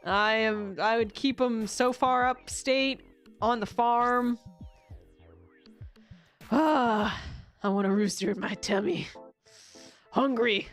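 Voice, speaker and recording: A young woman with a fairly high voice chats casually to her stream. She rambles, swears freely and breaks into laughter often. Soft music plays faintly behind her. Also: slow, pauses often.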